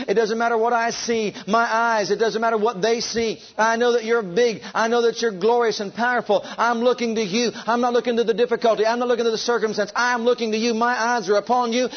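A man preaching a sermon with fervent, drawn-out emphasis, leading his congregation to repeat after him. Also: very high voice, dull audio. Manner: leads the congregation in call and response.

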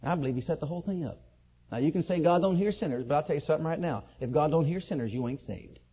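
A man preaching a sermon and telling his own testimony, leaping from high excited outbursts to low quiet asides. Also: quick pace, breathy edge. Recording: dull lo-fi sermon recording.

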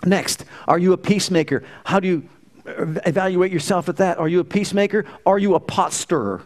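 A man's voice: sits high, a little fast. A middle-aged man preaching a sermon, folksy and humorous, asking the congregation rhetorical questions. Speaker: pastor.

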